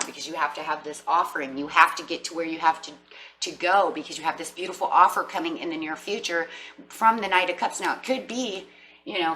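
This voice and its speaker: Bright-voiced chatty woman tarot reader. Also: on the low side, slight background noise, rough recording. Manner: chatty, animated, acts out inner voices. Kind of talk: casual tarot reading to viewers.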